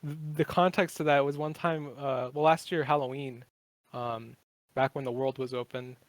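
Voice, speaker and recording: A man's voice: mid-range voice, steady tone, normal speed, no room sound. A man in his twenties, a podcast guest, chatting casually in a rambling, profane way with many fillers. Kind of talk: casual chat.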